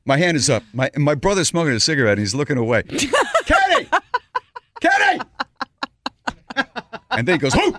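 A man's voice: mid-range voice, very fast, hardly any pauses, no room sound, studio quality. A middle-aged man hosting a talk show, telling a story and acting out the quotes. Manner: animated storyteller, acts out quotes. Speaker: radio show host.

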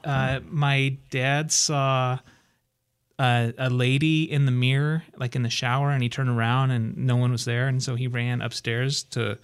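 A man's voice: medium pitch, little pitch movement, a little slow, smooth. A man co-hosting a talk radio show, recounting a personal story in a laid-back way with fillers. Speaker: radio co-host. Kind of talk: casual talk radio chat.

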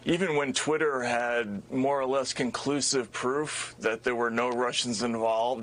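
Measured male commentator. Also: mid-range voice, fairly bright tone. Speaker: guest commentator. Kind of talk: interview clip commentary.

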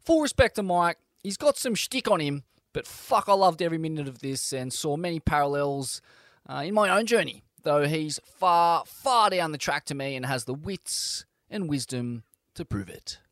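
A man introduces the episode in a brash, profane, admiring way. His voice sits a little high for a man. The sound is close and dry. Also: expressive, normal speed, a bit bright, no room sound. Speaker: show host, intro.

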